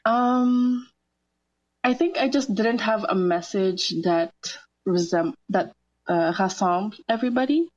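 A woman's voice: mid-range voice, unhurried, a little mellow, no room sound, muffled recording. A woman guest on a community radio show, a massage therapist speaking earnestly and sometimes searching for words. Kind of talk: radio interview. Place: radio studio.

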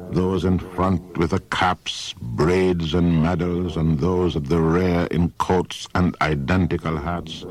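A man giving a dramatic reading of a verse play, slow and measured. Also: low-pitched. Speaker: reader.

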